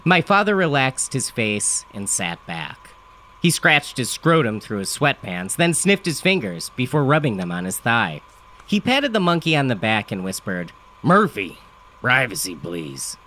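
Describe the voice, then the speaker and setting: A man's voice: medium pitch, big pitch swings, moderate pace, sharp tone. A man narrating a comic story in a dry, matter-of-fact first-person delivery.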